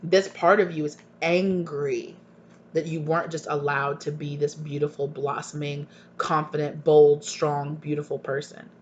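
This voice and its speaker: Man, tarot reader, earnest and repetitive, higher-pitched voice, faint hum behind. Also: flat delivery, unhurried. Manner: earnest, repetitive, emphatic with pointed questions. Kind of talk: tarot reading to viewers. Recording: dull lo-fi recording with faint hum.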